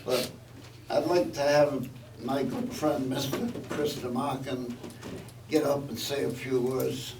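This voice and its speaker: A man's voice: mid-range voice, level tone, slow pace. A man in his eighties giving a plainspoken, reminiscing speech as a veteran. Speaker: veteran speaker. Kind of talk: public speech. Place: museum event hall. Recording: echoey hall, distant mic, background noise.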